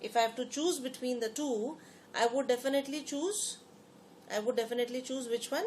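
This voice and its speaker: A woman gives a lecture to her class in a slightly high voice. She repeats key phrases and keeps asking the students questions. A faint hiss sits under the recording. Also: a little fast, a little mellow. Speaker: teacher.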